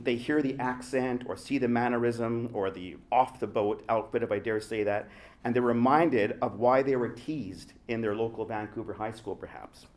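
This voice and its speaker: A man's voice: lowish voice, a little mellow. A man from the Indian subcontinent, an actor, giving a prepared panel speech to a room full of people, reflective and pressing his points with rhetorical questions. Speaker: actor speaking on a festival panel. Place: room with a live audience.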